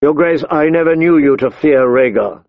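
A man voicing a stern, honorable male lord in an audiobook, firm and measured. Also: a little high, dry recording, narrow, tinny audio, pitched above the performer's own voice, close to an everyday voice. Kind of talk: audiobook character voice.

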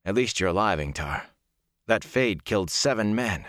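A man's voice: on the low side, animated, moderate pace, fairly bright tone, no echo, studio quality. A man voicing a rattled, earnest young man in an audiobook. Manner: earnest, rattled, urgent questions. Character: shaken young male villager hero. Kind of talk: audiobook character voice.

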